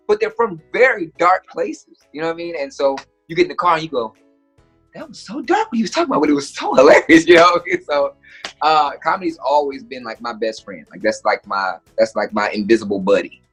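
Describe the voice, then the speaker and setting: Husky-voiced man telling stories. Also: medium pitch. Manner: animated storyteller, acts out quoted voices. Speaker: comedian and guest. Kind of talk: casual interview storytelling.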